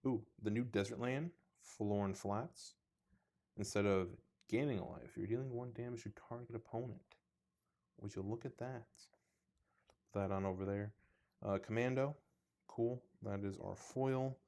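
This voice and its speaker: A man's voice: mid-range voice, warm tone. A man chatting casually as he opens trading card packs, reading card names aloud and joking at his own expense. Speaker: card box opening host. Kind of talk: casual unboxing commentary. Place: indoors under two large lights.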